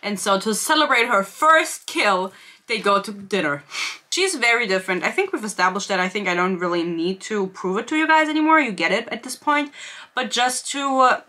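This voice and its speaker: Young woman in her twenties, book reviewer, sarcastic and giggly, bright tone. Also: medium pitch, lively intonation, moderate pace. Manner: sarcastic, laughing, reads excerpts aloud. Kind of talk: casual book review vlog.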